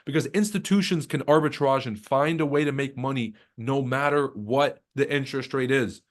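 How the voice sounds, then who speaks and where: A man's voice: mid-range voice, moderate pace. A man hosting a live trading stream, ranting casually with heavy profanity, mocking, laughing at his own jokes, then going into market commentary. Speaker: trading livestream host.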